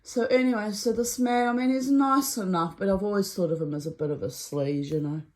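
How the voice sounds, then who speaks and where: A woman's voice: mid-range voice, brisk, darkish tone, poor audio. A middle-aged woman telling a story in a rambling, chatty way, full of asides. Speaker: vlogger. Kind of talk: casual storytelling monologue.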